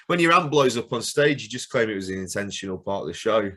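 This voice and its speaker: Male rock musician guest, low voice, laid-back self-deprecating humor, video-call audio. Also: animated, fast, sharp tone. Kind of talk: casual chat.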